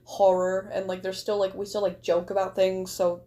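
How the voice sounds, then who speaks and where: A woman's voice: mid-range voice, level tone, normal speed, mellow. A woman chatting casually on a livestream, rambling along with frequent "like" fillers. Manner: rambling, chatty, heavy use of "like".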